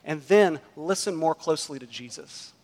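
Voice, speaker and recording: Male pastor, slightly high voice, emphatic sermon delivery, long hall reverb. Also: lively intonation, normal speed, a little mellow. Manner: emphatic preaching, rising and dropping in volume.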